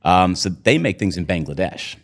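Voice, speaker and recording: A man's voice: deep voice, expressive, moderate pace. A man, a company co-founder, talking through a casual podcast interview with lots of "you know" and "right?". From United States.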